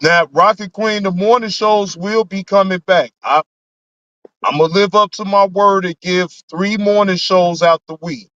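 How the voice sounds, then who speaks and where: A man's voice: high voice, unhurried, a bit bright, clear, resonant tone, no room sound. A man hosting a livestream, answering his chat in laid-back, rambling, profane casual talk. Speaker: livestream host. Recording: dull lo-fi sound.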